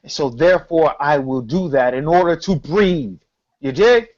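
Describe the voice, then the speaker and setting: A man co-hosting a casual talk show, telling a story in an animated, slangy, profane way. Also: on the high side, moderate pace, lo-fi sound. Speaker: podcast co-host.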